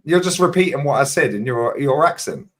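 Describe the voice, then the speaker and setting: A man's voice: medium pitch, lively intonation, fairly quick, fairly bright tone. A man with an English accent arguing about football, combative, swearing and cutting in to challenge the other speaker. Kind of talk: heated football debate.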